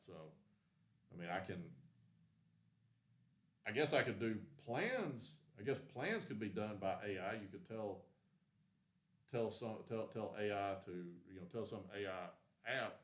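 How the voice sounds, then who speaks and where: A man with a fairly low-pitched voice, talking casually as a building contractor. He rambles and restarts his sentences often. The sound comes from a roomy, echoey room. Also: moderate pace, a bit bright. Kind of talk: casual livestream chat.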